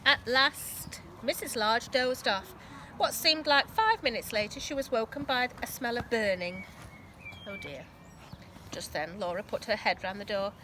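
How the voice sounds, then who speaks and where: A woman teacher reads a children's story aloud. Her voice is high and bright, and she rises and falls expressively. She stops now and then to ask the children questions. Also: measured pace, slight background noise, rough recording. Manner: expressive, asks listeners questions.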